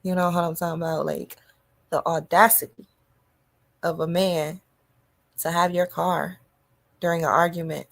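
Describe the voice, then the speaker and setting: A woman hosting a podcast, delivering a loud, animated comedic monologue to her listeners. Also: fairly low pitch, normal speed, gravelly, long pauses. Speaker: podcast host.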